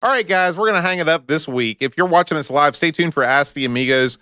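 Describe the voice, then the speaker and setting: A man's voice: a little high, fast, bright, forceful tone, smooth, no room sound, studio quality. A man co-hosting a casual podcast, telling stories with self-mocking jokes. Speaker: podcast co-host. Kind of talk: casual chat.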